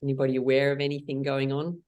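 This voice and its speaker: A woman's voice: a bass voice, little pitch movement, fast, darkish tone. A woman guiding an online laughter yoga workshop over a video call, playful and laughing often as she cheers people on.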